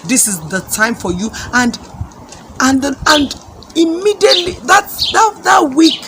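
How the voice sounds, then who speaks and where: Fervent woman preaching over loud noise. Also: medium pitch. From Nigeria. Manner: fervent, repeats phrases. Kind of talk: testimony and prayer. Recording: loud background noise with birdsong.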